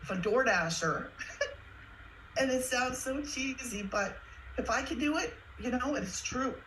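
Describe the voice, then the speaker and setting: A woman's voice: high voice, expressive, measured pace, a bit bright, slight background noise, low-quality recording. A woman who is a single mother telling her personal story with earnest emotion, chatty and at times close to tears. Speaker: guest sharing her story.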